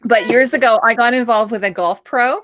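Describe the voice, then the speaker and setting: A woman's voice: fairly high pitch, a little fast, a bit bright, no echo, studio quality. A middle-aged woman hosting a casual live-stream chat, laughing often and reading out viewer comments. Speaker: host.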